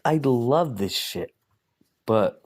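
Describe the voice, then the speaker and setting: A man's voice: mid-range voice, lively intonation, very slow. A man hosting a podcast alone, ranting casually in a profane, self-mocking way. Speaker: podcast host. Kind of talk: casual rambling monologue.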